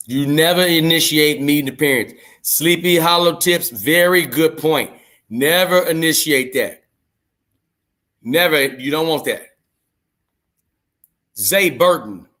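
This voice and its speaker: A young man hosts a casual livestream and talks with his viewers. His delivery is loose and slangy, full of jokes and quick asides. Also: mid-range voice, fairly bright tone. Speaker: livestream host.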